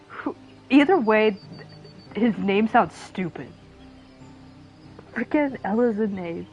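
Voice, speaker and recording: A woman's voice: mid-range voice, expressive, slow pace, pauses often. A woman streamer joking and laughing as she plays a game and voices its dialogue. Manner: joking and playful, keeps laughing. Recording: dull lo-fi audio with faint music.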